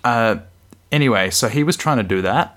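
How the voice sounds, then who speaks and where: A man's voice: medium pitch, animated, moderate pace, fairly bright tone. Rambling jokey man on a podcast. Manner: rambling, jokey, slips into silly voices. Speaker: podcast co-host. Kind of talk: casual chat.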